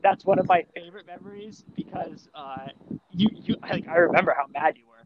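A man's voice: sits high, brisk, background noise. A man chatting as a podcast guest over a phone call, hesitant and laughing often. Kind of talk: casual phone chat.

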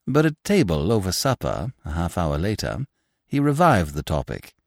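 A male storyteller reads a classic tale with theatrical expression. His voice is deep but ranges widely in pitch, recorded dry and close. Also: sing-song, moderate pace, no room sound. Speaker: narrator. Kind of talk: audiobook narration.

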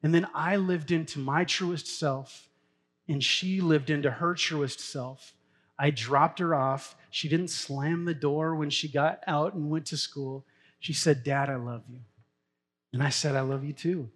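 A man's voice: a little high, fairly even intonation, unhurried, a bit bright. A middle-aged man, a pastor, preaching a sermon in a casual, story-telling way and laughing now and then. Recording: long hall reverb.

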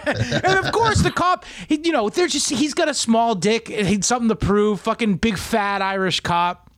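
A man's voice: very high voice, moderate pace, fairly bright tone, no room sound, studio quality. A young man from south of Boston hosting a casual podcast, telling a rambling story full of swearing and laughs. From south of Boston, USA. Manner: rambling crude storytelling, swears a lot, laughs mid-sentence. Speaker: podcast host.

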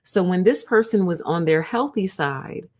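A woman's voice: lowish voice, expressive, moderate pace, a little mellow. A woman hosting a book review livestream, chatting casually and talking straight to her viewers. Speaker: host of a book review show.

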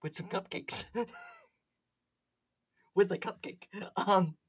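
A giggly podcast co-host in loose, casual chat with a medium-pitched voice. They read chat logs aloud, padding them with fillers and laughs. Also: slow, breathy edge.

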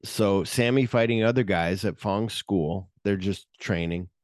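A man's voice: fairly low pitch, measured pace, no echo, clean studio sound. A man co-hosting a podcast, recapping a movie in casual profane chat and acting out the scenes in quoted voices. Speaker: podcast co-host.

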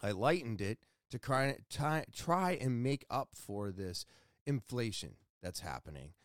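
A man's voice: mid-range voice, big pitch swings, a little slow, dry recording. Man, podcast host, casual monologue, blunt and self-critical, sore ribs, mid-range voice, dry close sound. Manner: candid, self-scolding, swears freely. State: sore ribs from a ruptured muscle.

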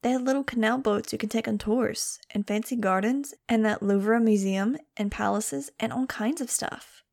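A woman's voice: on the high side, normal speed, creaky, a little mellow. A woman reading an audiobook, voicing an eager, hopeful young girl who lists things one after another.

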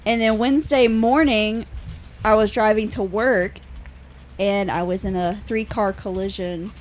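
A woman's voice: medium pitch, fairly even intonation, a little slow. A young woman chatting casually on a podcast, telling a story bluntly and swearing freely at home. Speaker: podcast guest. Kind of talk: casual chat.

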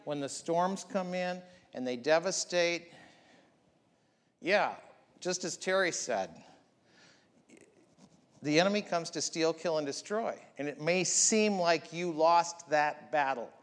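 Man, pastor, sermon, emphatic repetition, slightly high voice, long hall reverb. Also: slow, long pauses, fairly bright tone. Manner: preaching with rising, emphatic repetition.

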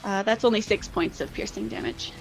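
A woman's voice: medium pitch, fairly quick, gravelly, soft background music. A woman playing a tabletop game, cheerful and giggly, fumbling a little with her sums. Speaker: player.

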